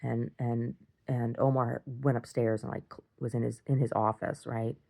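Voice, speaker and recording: A woman recording a casual video diary, rambling through an animated story and acting out what others said. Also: a bass voice, normal speed, vocal fry. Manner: rambling, animated retelling with acted-out quotes. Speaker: video diarist.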